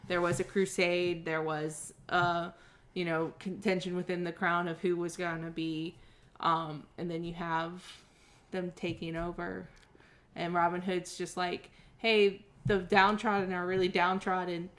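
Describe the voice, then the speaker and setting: A woman's voice: lowish voice, level tone, a little slow. A young adult woman co-hosting a casual movie podcast, thoughtful and hesitant with frequent ums. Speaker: podcast co-host. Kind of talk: casual chat.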